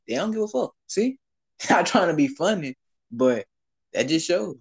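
A man's voice: a little high, moderate pace, vocal fry, husky. A young man hosting a podcast, telling stories in a loose, profane, casual chat. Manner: loose, profane storytelling with animated swings. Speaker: podcast host.

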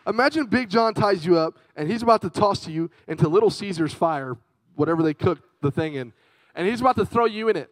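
A young man gives an animated youth sermon in a slightly high voice. He swings from loud bursts to hushed asides while he tells his stories. The sound is close and dry. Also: brisk, no echo, low-quality recording. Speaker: youth pastor.

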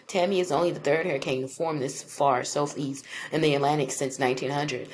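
A low-voiced woman hosts a podcast and reads the news aloud. She stops often to react with profane, incredulous, mock-paranoid jokes, and there is a faint hum of noise behind her. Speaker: podcast host. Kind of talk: comedic rant while reading news aloud.

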